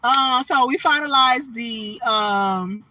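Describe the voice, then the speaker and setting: A woman's voice: high-pitched, slow pace, sharp tone, poor audio. A woman chatting casually on a livestream, talking animatedly with her viewers. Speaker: livestream host.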